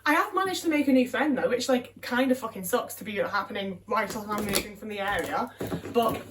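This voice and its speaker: A woman's voice: mid-range voice, brisk. A young woman talking casually to her viewers while she packs, rambling, swearing and anxious, often trailing off and restarting. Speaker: vlogger. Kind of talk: casual body-doubling chat while packing. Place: home room, packing boxes. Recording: distant mic with faint noise.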